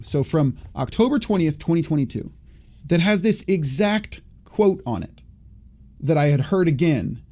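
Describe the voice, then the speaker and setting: This reflective solo podcast features a host in his forties whose voice is slightly high and mellow. He wanders through his thoughts aloud, frequently correcting himself.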